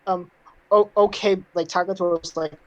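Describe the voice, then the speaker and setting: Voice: medium pitch, steady tone, normal speed, lo-fi sound. A co-host in a casual group riff chat, rambling with stumbles and restarts and laughing between lines. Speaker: co-host riffing on a show.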